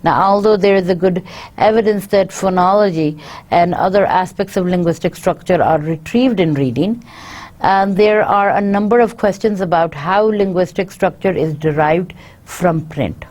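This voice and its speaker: A woman's voice: fairly low pitch, moderate pace, a little mellow. A woman lecturing, reading each point and then explaining it again in her own words, with frequent fillers. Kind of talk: university lecture, reading and paraphrasing.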